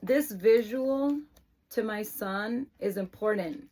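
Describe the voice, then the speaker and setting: A woman's voice: mid-range voice, slow. A middle-aged woman, a mother, explaining her parenting routine in an earnest, emotional, casual vlog way. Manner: emotional, earnest, lapses into excited praise voice. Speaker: mother of an autistic son.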